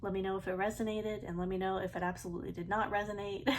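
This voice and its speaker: A woman's voice: mid-range voice, quick pace, slight background noise. Chatty woman reading tarot cards. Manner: chatty, relaxed, many fillers and soft laughs. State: itchy throat, sneezing. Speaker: tarot reader. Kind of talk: casual tarot reading to camera.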